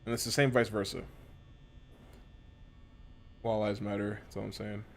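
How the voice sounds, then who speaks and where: A man's voice: lowish voice, little pitch movement, normal speed, vocal fry. A man from the western United States chatting casually and profanely while streaming a game, rambling with lots of slang. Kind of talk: casual gameplay chat.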